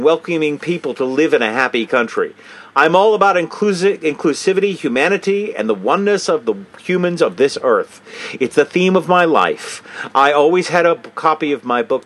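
A man hosting a comedic commentary, mocking and swearing casually while reading a statement aloud. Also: medium pitch. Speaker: host.

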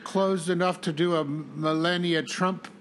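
A man's voice: on the high side, steady tone, unhurried, fairly bright tone, slight background noise. A man co-hosting a political chat show, stammering and chuckling as he talks. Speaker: podcast co-host.

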